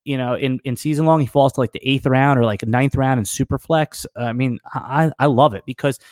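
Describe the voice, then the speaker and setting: A man co-hosting a casual fantasy football podcast, talking in an easygoing, halting way. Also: medium pitch, darkish tone, no room sound, studio quality. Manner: easygoing, hesitant, many fillers and restarts. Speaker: podcast co-host. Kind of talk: casual sports podcast debate.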